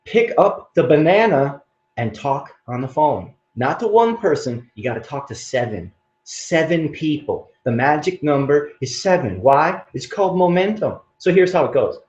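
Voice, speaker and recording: Man, qigong teacher, playful and animated, echoey room, dull muffled sound. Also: on the high side, normal speed. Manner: animated and playful, laughing while demonstrating. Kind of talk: motivational teaching talk. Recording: roomy, dull-sounding recording.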